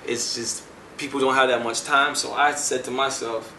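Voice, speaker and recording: Bright-toned man, echoey room. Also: mid-range voice, moderate pace, a little hiss or hum. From United States. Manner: animated, acts out quoted dialogue. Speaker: music producer. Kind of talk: storytelling interview answers. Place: indoor entertainment venue. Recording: echoey room, mic at a distance.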